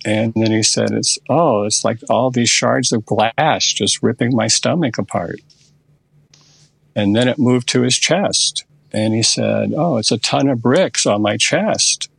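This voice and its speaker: An older man, a therapist guest in a podcast interview, who tells a session step by step in an unhurried, conversational way. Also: medium pitch, gravelly, a bit bright, husky, no echo.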